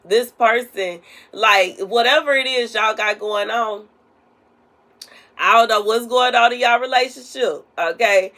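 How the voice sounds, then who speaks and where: A woman delivers a prophetic message as casual, everyday talk. She rambles and circles back, filling her speech with conversational asides. Her pitch sits in the middle range. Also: a bit bright. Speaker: prophetic minister.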